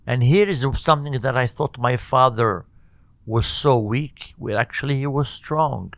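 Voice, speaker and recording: An older man from Morocco, a cantor being interviewed, telling stories in a halting, earnest way with many restarts. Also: medium pitch, no echo. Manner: halting, repeats and restarts words, warm and earnest. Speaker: cantor, guest. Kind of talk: conversational storytelling interview.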